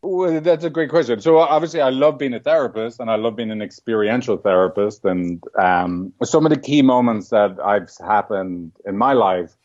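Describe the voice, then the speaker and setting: A man's voice: medium pitch, normal speed, hardly any pauses, darkish tone, lo-fi sound. A man with a Dublin Irish accent, a couples therapist telling stories earnestly, often tagging lines with "right?". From Ireland. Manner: earnest, storytelling, frequent "like" and "right?". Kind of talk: reflective interview talk.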